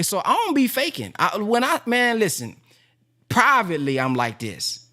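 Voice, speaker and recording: Lively, animated man talking plainly. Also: high voice, normal speed. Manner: animated, plain-spoken, acts out quoted voices. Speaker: minister and business teacher. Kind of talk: casual heartfelt talk to an audience.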